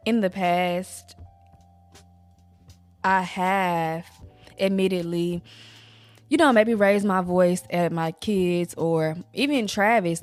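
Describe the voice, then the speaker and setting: A woman's voice: medium pitch, no room sound. A woman and mother talking candidly about her own healing, in a casual, rambling way with many "like" fillers. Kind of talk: candid personal talk to camera.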